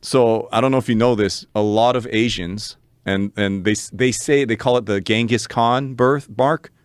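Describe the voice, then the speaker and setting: A man's voice: lowish voice, steady tone, moderate pace, clean tone, no echo. A man guest on a podcast, telling a story in casual, rambling, profane chat, laughing often, on a close studio mic.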